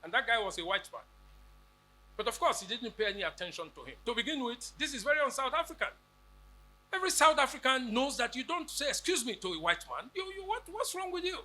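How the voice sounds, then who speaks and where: Male lecturer from Nigeria, high-pitched and very bright, rhetorical and rousing. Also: very animated, fast talker. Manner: rousing, rhetorical, with acted quotes. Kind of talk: public lecture.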